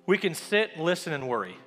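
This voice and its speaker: A man preaching a sermon, telling a story and building to a loud, repeated call with rising refrains. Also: a little high.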